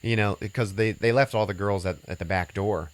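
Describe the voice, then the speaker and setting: A man with a very low voice recaps a movie for a podcast. He talks loosely and casually, with lots of fillers, restarts and swearing. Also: a little fast. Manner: rambling, filler-heavy and profane. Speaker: podcast host recapping a film.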